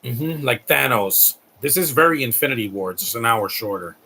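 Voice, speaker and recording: A man's voice: medium pitch, animated, moderate pace, creaky, sharp tone, slightly rough. A man hosting a live stream, making casual, sarcastic asides while watching a film.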